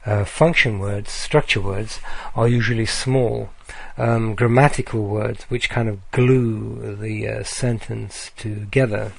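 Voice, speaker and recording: A man giving a recorded slide lecture, speaking deliberately with frequent ums and uhs. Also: lowish voice, fairly even intonation, gravelly, no echo.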